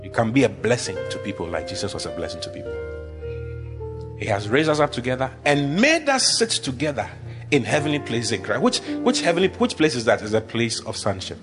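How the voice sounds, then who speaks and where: A man's voice: medium pitch, sing-song, fairly quick, over music. A man preaching a sermon with emphatic, repetitive declarations, leading the congregation in call-and-response.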